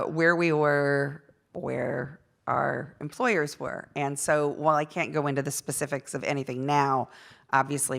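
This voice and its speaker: A woman speaking on a panel as a union representative, earnest and pausing with many fillers, her voice gravelly after a late night. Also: low-pitched, fairly bright tone. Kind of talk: panel discussion. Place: festival talk stage.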